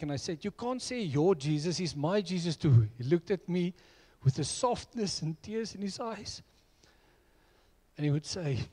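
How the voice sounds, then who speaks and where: This is a sermon with storytelling from a middle-aged man who earnestly recounts personal experiences. He has a higher-pitched, slightly mellow voice.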